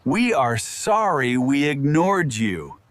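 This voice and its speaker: Guy doing a cheerful storybook dad, bouncy voice, super slow, music behind. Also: mid-range voice, big pitch swings. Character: warm, cheerful father of two kids.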